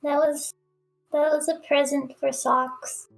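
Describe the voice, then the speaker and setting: A woman's voice: high-pitched, flat delivery, slow pace, vocal fry, soft background music. A woman playing a tabletop game, sweet and eager in character. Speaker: player.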